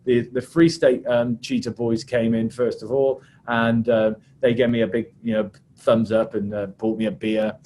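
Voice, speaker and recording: A man, a rugby referee, telling anecdotes in a chatty, halting way on a video call. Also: medium pitch, flat delivery, darkish tone, a little hiss or hum. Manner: chatty, hesitant with many restarts. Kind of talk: anecdotal storytelling on a webinar.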